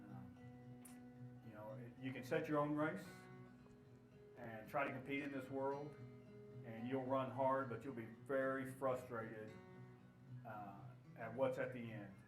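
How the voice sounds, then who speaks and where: Middle-aged man telling his faith story, earnest, halting, sounds set back from the mic in a roomy space with faint music under him. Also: medium pitch, recorded from a distance. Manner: reflective, earnest, halting with pauses. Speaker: retired Marine giving a testimony. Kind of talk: personal testimony in a church video.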